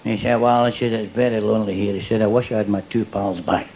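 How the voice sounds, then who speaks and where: A man's voice: fairly low pitch, steady tone, quick pace, background noise. An older Scottish man doing a stand-up routine before a live audience, chatty and cheeky, laughing at his own jokes. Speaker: stand-up comedian.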